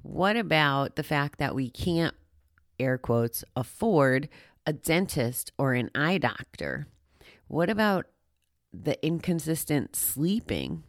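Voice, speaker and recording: Low-voiced woman chatting casually. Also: very animated, slow, no room sound, clean studio sound. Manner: chatty, rambling, self-deprecating with frequent "like". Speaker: podcast host on gambling recovery. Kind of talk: casual personal talk to listeners. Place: walking outdoors.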